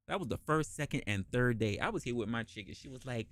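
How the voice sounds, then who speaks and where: A man hosting a podcast, telling a casual story and acting out the people in it with big jumps in pitch, swearing freely. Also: fast talker, few pauses, dry recording. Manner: animated, acts out quoted voices with big pitch jumps, swears. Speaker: podcast host.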